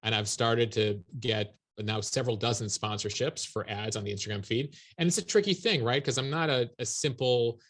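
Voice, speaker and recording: A man with a mid-range voice talks as a journalist guest in a casual interview. He tells his stories in a lively, quick-moving way. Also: medium pitch. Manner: animated, quick storytelling.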